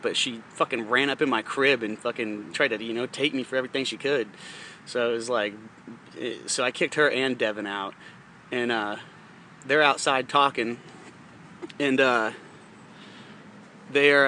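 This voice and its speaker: A man's voice: medium pitch, sharp tone, slight background noise. A young man telling a long personal story in a rambling, profane, casual way, often laughing mid-sentence. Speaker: podcast host.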